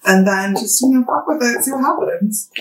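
Woman behind the bar chatting, loud bursts, swears a lot, sounds off-mic in an echoey room. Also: fairly high pitch, normal speed, distant mic, slight background noise. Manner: lively, prone to loud outbursts, casual swearing. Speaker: podcast co-host and bartender. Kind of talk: casual chat while mixing drinks.

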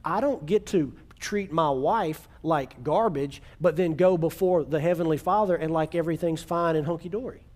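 Earnest preacher man, fairly high voice. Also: a little mellow. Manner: earnest preaching, slowing on key words, calls for congregation response. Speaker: pastor. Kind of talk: sermon.

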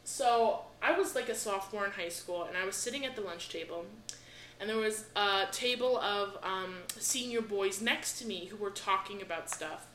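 A young adult woman co-hosting a podcast, telling an embarrassing story in a profane, animated way. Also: mid-range voice, moderate pace, reverberant, slight background noise, poor audio. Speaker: podcast co-host. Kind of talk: casual chat, storytelling.

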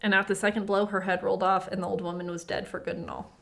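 A woman's voice: medium pitch, flat delivery, fast, vocal fry, a bit bright, a little hiss or hum. An American woman co-hosting a casual podcast, reading folktales aloud and breaking in with profane, joking asides. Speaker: podcast co-host.

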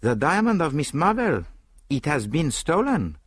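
Fussy Belgian detective, put on by a male narrator, dry close sound, husky, French phrases. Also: mid-range voice, wildly swooping pitch, fairly quick, mellow, no room sound, pitched above the performer's own voice, exaggerated voice. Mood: wry. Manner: French phrases in his English.

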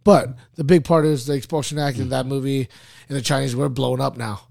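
Podcast host, male, gravelly edge, loose rambling talk, dry close mic. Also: mid-range voice, fairly even intonation, a little fast, a little mellow, dry recording. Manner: loose, rambling, swearing, says "like" a lot. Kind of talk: casual podcast chat.

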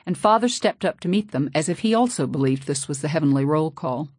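Low-voiced woman narrating an audiobook. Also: lively intonation, a little fast, darkish tone, husky, no room sound.

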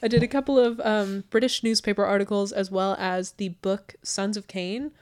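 A woman's voice: mid-range voice, steady tone, moderate pace, darkish tone. An American woman hosting a casual true crime podcast, chatting with many fillers and laughing often. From United States. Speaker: podcast host.

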